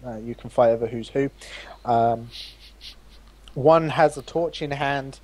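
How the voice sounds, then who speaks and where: A man runs a tabletop game as game master, speaking at a middling pitch. He narrates in a halting way, with many pauses and restarts. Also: darkish tone.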